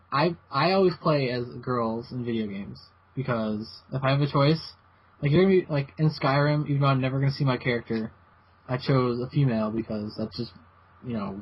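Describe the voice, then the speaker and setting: A man hosting a casual gaming podcast, rambling and restarting his sentences. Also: mid-range voice. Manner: rambling, halting, many restarts. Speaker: podcast host. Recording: dull lo-fi podcast audio with faint hiss.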